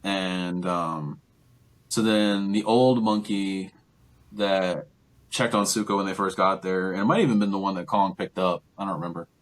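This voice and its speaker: A young man with a very low voice recaps a film for his co-host in loose, casual chat. He rambles, stacking fillers like "like" and "um" as he goes. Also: steady tone, normal speed. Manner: rambling, filler-heavy retelling with lots of "like" and "um". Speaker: podcast co-host.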